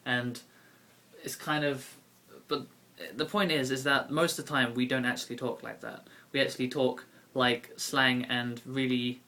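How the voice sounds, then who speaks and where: Young British male vlogger, bright tone, loose and chatty with lots of fillers. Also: mid-range voice, little pitch movement, a little slow. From Britain. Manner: rambling, many fillers and self-corrections. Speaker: YouTube card game vlogger. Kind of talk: casual talking-to-camera vlog.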